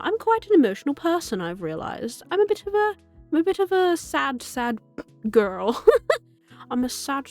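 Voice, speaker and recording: A chatty young woman recaps a game's story in a casual, animated way, laughing often at her own jokes. Her voice sits a little high, with faint music playing underneath. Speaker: gaming video host.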